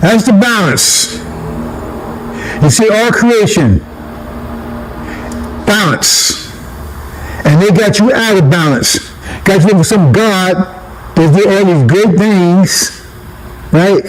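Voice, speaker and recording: A man's voice: sits high, animated, slow, long pauses, slight background noise, poor audio. A man giving a casual street-style sermon, talking conversationally, repeating himself, chuckling and checking in with listeners with "right?". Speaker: preacher.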